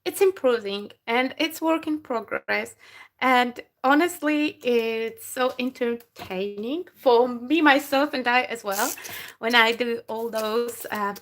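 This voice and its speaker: A woman with a non-native English accent hosting a casual craft live stream, chatty and laughing as she works, with slushy sh sounds. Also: on the high side. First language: not English. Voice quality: slushy sh sounds, slow and halting. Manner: chatty, laughs often, talks while working.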